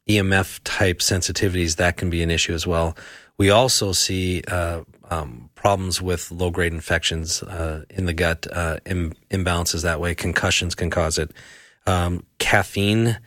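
Low-voiced man explaining health, halting. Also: a bit bright, no echo, studio quality. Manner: halting, many fillers and restarts, explanatory. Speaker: health practitioner answering listener questions. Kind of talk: radio health talk show.

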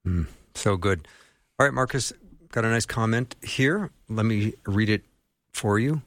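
Man, talk show host, easygoing, somewhat low voice, dry sound. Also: measured pace, no room sound. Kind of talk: faith talk show hosting.

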